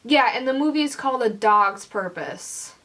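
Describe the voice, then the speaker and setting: A young woman vlogger ranting angrily to camera, swearing often and filling pauses with "like". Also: a little high, fairly bright tone. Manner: heated, swearing, lots of fillers. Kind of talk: angry rant to camera.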